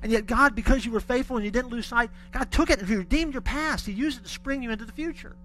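A man's voice: extremely high pitch, fast talker, pushed and bright, slight background noise. A middle-aged man preaching a sermon, telling stories with folksy humor. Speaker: pastor.

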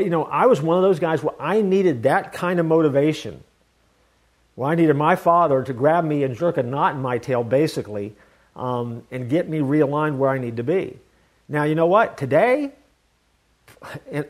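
Man, pastor, sermon, earnest, conversational, many restarts. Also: a little high. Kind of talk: sermon with personal storytelling.

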